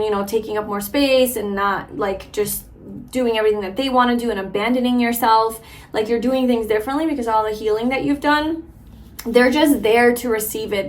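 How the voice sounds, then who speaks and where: A young woman giving a casual tarot reading to a viewer, chatty and full of filler words. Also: on the high side. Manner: chatty, warm-hearted, lots of filler likes and ums. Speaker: tarot reader.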